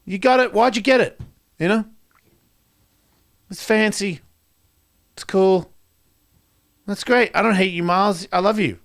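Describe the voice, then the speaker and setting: A man doing a profane stand-up rant, swinging between loud outbursts and quiet asides. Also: sits high, a little slow, long pauses. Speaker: comedian.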